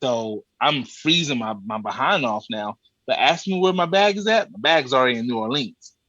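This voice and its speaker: Mid-range and at a normal speed, a man's voice is recorded dry with the highs cut off. He's a podcast guest recounting a comic travel anecdote loosely and colloquially, swearing casually and animatedly acting out his exasperated exchanges with others.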